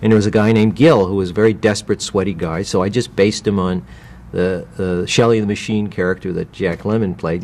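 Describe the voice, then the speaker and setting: A man's voice: fairly low pitch, a little fast. Guy chatting about his voices, laid back, lots of uhs. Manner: relaxed storytelling, filler-heavy. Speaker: voice actor. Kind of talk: casual interview.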